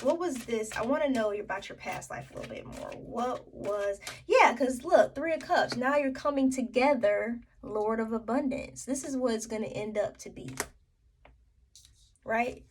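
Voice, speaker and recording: A woman reads tarot cards for her viewers in a fairly high voice. She talks slowly, thinking aloud with plenty of fillers and restarts. She sits a little away from the mic, with faint noise behind her. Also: recorded from a distance, rough recording. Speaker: tarot reader.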